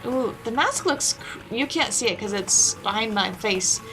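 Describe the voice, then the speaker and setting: A woman's voice: on the high side, animated, unhurried, music in the background. A woman hosting a let's play, giving chatty gameplay commentary with lots of fillers.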